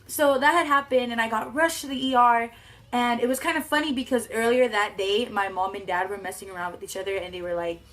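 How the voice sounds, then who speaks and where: A teenage girl tells a story time video in a loose, chatty way. She fills her talk with "like" and swears freely. When she quotes people, she gets loud. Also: a little high, steady tone, a little fast. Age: teens. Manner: chatty, full of "like", swearing, acts out quotes loudly. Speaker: vlogger. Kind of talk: casual story time vlog.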